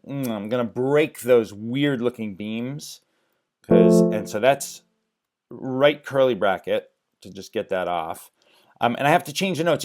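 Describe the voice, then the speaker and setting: A man with a slightly low voice walks through a composition on screen, teaching as he goes. He thinks out loud, stalling on ums and restarting phrases, as if working it out live at a computer mic. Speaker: music theory instructor. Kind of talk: screen-share lecture demo.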